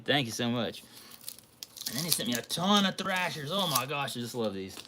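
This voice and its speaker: A man hosting a casual collectibles livestream, gushing excitedly as he opens a package. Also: medium pitch, moderate pace, slight background noise. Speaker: card collecting livestream host. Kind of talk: casual livestream chat while opening a package.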